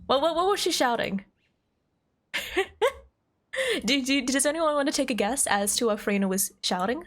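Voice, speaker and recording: A woman's voice: high voice, animated, moderate pace, fairly bright tone. Giggly young woman streamer. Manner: giggly and playful, greets viewers. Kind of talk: casual live-stream chat. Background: game music.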